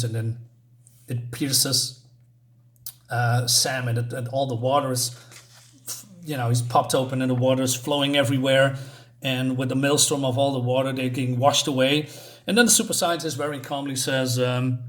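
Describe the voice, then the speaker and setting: A man's voice: medium pitch, steady tone, normal speed. A man giving a casual spoken comic book review, rambling with lots of fillers and restarts.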